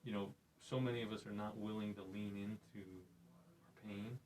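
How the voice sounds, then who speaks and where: A man's voice: fairly low pitch, fairly even intonation, moderate pace, darkish tone, slight background noise, poor audio. A man hosting a faith podcast, reflective and preacherly, retelling Bible scenes in conversation. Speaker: podcast host.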